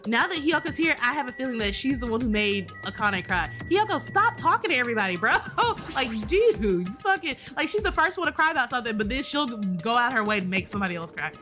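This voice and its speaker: A woman's voice: on the high side, animated, brisk, few pauses, bright, forceful tone. A woman doing casual let's-play commentary, slangy and swearing, laughing often and talking back to the characters on screen. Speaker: gaming streamer. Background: game music.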